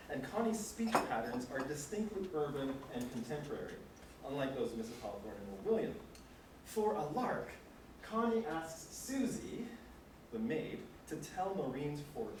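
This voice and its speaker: Animated male lecturer with wry asides, recorded far off in an echoey room, faint noise. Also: medium pitch. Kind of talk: lecture with read passages. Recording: echoey room, distant mic.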